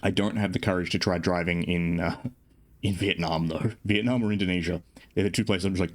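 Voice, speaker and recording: Very deep-voiced sleepy streamer man. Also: fairly even intonation, a little fast. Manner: rambling, self-deprecating, joking asides. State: sleep-deprived. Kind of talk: casual gameplay commentary.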